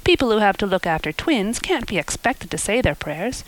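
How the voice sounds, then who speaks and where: A woman's voice: medium pitch, sing-song, normal speed, dry recording, close to an everyday voice, low-quality recording. A woman voicing a chatty, imaginative orphan girl in an audiobook, eager and gushing. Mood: reproachful. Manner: eager, gushing, rising and falling. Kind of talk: audiobook character voice.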